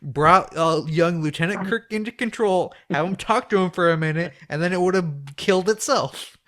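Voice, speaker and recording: A man's voice: high voice, normal speed, fairly bright tone. A man hosting a podcast, recapping an episode in a loose, joking way. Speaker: podcast host.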